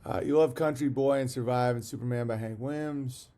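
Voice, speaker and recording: A man hosting a relaxed livestream, talking at an ordinary middle pitch. He rambles from thought to thought, reads out viewer comments and answers them bluntly, with the occasional swear. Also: brisk. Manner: blunt and profane. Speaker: livestream host. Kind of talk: casual livestream chat.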